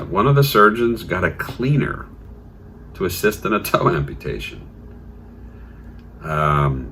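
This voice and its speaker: A man's voice: low-pitched, pushed and bright, a little hiss or hum. A man hosting a comedic news podcast, sardonic and fond of slipping into silly voices. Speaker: podcast host.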